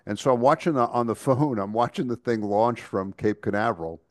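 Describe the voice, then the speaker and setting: A man's voice: mid-range voice, a little fast, no room sound. A man co-hosting a podcast, talking casually and chattily with frequent restarts and stammers. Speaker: podcast co-host. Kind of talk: casual chat.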